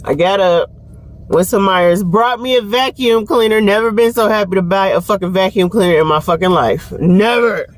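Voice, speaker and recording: A young woman tells a story in a casual vlog, animated, laughing and quoting others as she goes. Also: medium pitch, normal speed, dry recording. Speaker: vlogger. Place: home and car.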